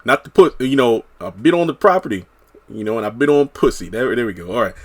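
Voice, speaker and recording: A man's voice: medium pitch, animated, fast talker. A man giving a casual, rambling recap of a TV episode, full of "you know" fillers. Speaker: TV episode reviewer.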